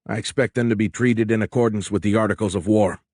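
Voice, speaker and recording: A man's voice: on the low side, fairly even intonation, quick pace, a little mellow, dry recording, studio quality, close to an everyday voice. A male narrator voicing a principled young submarine executive officer who roars and barks orders in an audiobook. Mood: commanding. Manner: roaring orders. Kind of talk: audiobook character voice.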